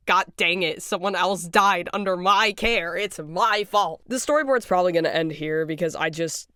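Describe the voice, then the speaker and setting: A fan rambling casually about a cartoon, excitable and giggly, often breaking into laughter. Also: medium pitch, smooth, no echo, clean studio sound. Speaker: fan commentator.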